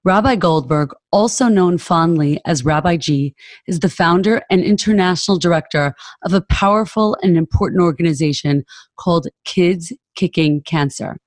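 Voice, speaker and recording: An effusive woman co-hosts a podcast, opening the show and welcoming a guest with plenty of enthusiasm. Her voice sits a little low and carries a roomy echo. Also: moderate pace. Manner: effusive, lots of "wow". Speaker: podcast co-host. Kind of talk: podcast interview.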